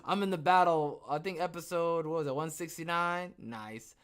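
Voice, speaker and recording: A man's voice: fairly high pitch, moderate pace, clear, resonant tone. Rambling, playful male podcast host. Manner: rambling, playful, bursts into loud excited outbursts. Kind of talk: casual livestream chat.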